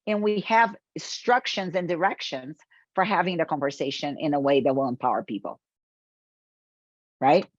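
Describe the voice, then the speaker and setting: A woman's voice: mid-range voice, slightly rough, no room sound, dull audio. A woman from Brazil giving a motivational sales webinar, talking straight to her audience with rhetorical questions. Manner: animated, addresses audience directly, rhetorical questions. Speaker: webinar presenter.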